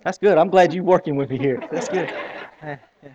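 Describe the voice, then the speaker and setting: A man with a Southern accent preaching a sermon, telling a story with lively acted-out scenes. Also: a little high, moderate pace, highs cut off. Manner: animated storytelling, acting out scenes. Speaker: pastor.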